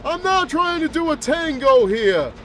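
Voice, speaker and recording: Man putting on a creaky-pitched, slow, grumbling old monster who rambles and complains about everything. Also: very animated, bright, forceful tone, full character voice. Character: cranky rambling old man, a mutated flower-headed monster. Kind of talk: gameplay roleplay commentary.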